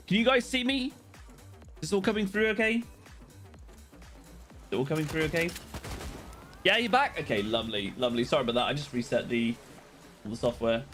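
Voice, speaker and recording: A British man chatting casually with viewers while streaming a game, with excited outbursts at the action. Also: medium pitch. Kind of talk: casual live-stream chat while playing.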